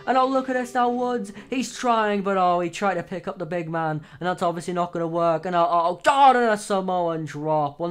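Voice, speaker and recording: Hoarse man shouting excited wrestling commentary. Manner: exclamatory, frequent oaths and gasps, swings loud and high. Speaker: play-by-play commentator for his own wrestling game.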